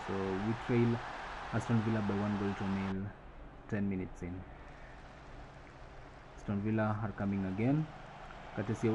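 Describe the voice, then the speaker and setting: A man narrating his football management game, thinking aloud through decisions and breaking into excited play-by-play calls at goals. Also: lowish voice, moderate pace, background noise. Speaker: gaming channel host.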